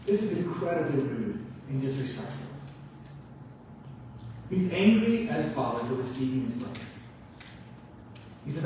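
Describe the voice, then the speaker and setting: Role: preacher. Style: sermon, earnest and explanatory, with rhetorical questions. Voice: high for a man. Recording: far from the mic in a reverberant hall. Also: very animated, moderate pace, long pauses, mellow, slight background noise.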